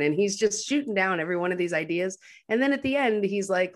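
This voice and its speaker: Woman, lower voice, podcast co-host, dry humor, animated retelling. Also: fast talker, few pauses. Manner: wry, animated retelling with acted-out quotes. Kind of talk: casual movie recap chat.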